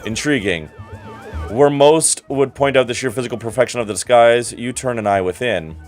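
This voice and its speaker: A man's voice: mid-range voice, normal speed, soft background music, close to an everyday voice. A man reading aloud as a haughty, condescending male investigator from a game, in a formal, cool and superior manner.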